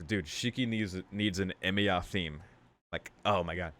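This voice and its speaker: A man's voice: deep voice, fairly quick, fairly bright tone. A man reading a visual novel aloud in the first person, with dramatic delivery, laughing along and breaking into casual asides. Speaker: gaming video creator.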